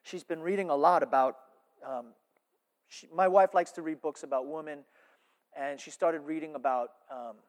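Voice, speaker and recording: A male pastor preaching a sermon, animated, swinging between loud emphasis and hushed asides. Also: fairly high pitch, moderate pace. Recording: reverberant church hall.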